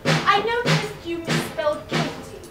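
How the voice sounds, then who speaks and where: A woman playing a shrill, bossy drama teacher. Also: unhurried, loud music behind the voice. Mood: quizzing. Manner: quizzing, exaggerated and sing-song. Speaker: stage actor. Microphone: far camera in audience. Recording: echoey theatre taped from far off.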